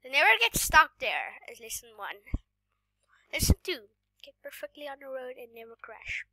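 A woman giving casual gameplay commentary while sick, coughing now and then, excitable and often dropping to a whisper. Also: high voice, normal speed, no echo. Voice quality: voice sounds off today. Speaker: gaming YouTuber.

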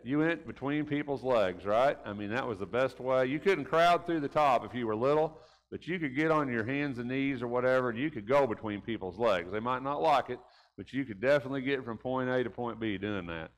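A man's voice: mid-range voice, animated, brisk. Folksy man teaching in a reverberant room. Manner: folksy, keeps asking rhetorical tag questions. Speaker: Bible class teacher. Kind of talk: conversational Bible lesson. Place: church classroom.

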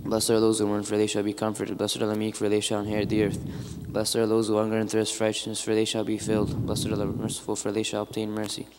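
A man reading a Gospel passage aloud in a church service at a brisk, even pace. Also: fairly low pitch, long reverb tail, background noise. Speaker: Gospel reader. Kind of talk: scripture reading.

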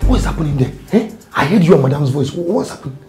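A man playing a smooth-talking husband who is wary of gossip, acting in a comedy skit. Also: a little high, animated, quick pace. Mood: coaxing. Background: music playing in the background.

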